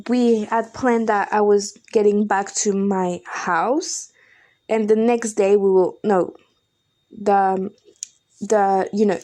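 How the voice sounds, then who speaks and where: A young woman hosting a podcast recounts her own breakup candidly and with exasperation, swearing freely. Her voice is mid-range and warm.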